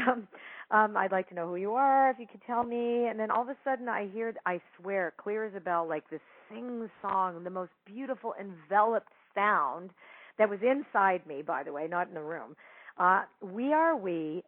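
A woman's voice: medium pitch, no echo. A woman telling a personal spiritual story in a casual, chatty way, laughing often and acting out what people said. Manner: chatty, laughing, animated quoting. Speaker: psychic medium guest telling a story. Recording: dry tinny phone-like line.

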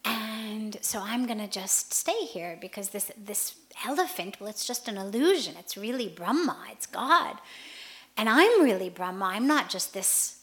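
A man's voice: high voice, animated, measured pace, a bit bright. A woman voicing a proud, stubborn young male disciple in a spoken story, who talks in an indignant, insistent way. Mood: defiant.

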